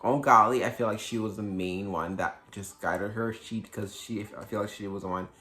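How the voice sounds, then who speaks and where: A man's voice: lowish voice, steady tone, normal speed, bright, forceful tone. A man casually reviewing books for his channel, rambling with lots of "like" and restarting his sentences. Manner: rambling, heavy use of "like", frequent restarts. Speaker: book vlogger. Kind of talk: casual book review vlog.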